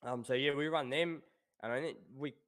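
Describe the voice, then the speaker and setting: A man in his thirties with a New Zealand accent, chatting as a guest about his racing past in a relaxed way. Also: mid-range voice, moderate pace. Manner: relaxed, laid-back, says "obviously" and "um" often. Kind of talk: casual interview chat.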